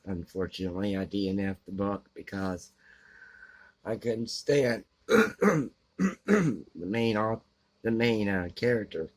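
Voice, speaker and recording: A man giving blunt, grumbling book opinions in a halting way, with lots of fillers and frequent throat clearing. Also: fairly low pitch. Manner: grumbling, opinionated about books. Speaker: book vlogger answering a question tag. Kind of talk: casual unscripted talk to camera.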